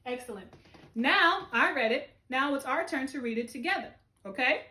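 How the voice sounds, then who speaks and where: A woman's voice: high voice, animated, moderate pace, pushed and bright. A woman teacher giving a remote phonics lesson to young children, with an encouraging, sing-song classroom delivery. She is recording from home. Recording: roomy echo.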